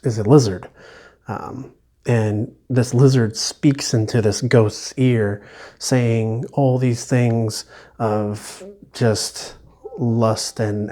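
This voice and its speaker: A man talks through a book he enjoyed in a casual video review. His delivery is slow and halting, with many restarts and little laughs, and his voice is mellow and mid-pitched.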